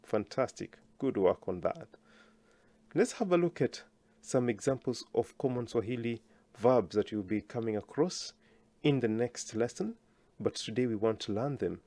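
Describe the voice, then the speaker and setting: A man teaching a language lesson, slowly enunciating words for learners to repeat and praising them often. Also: mid-range voice, animated, dark tone, dry recording.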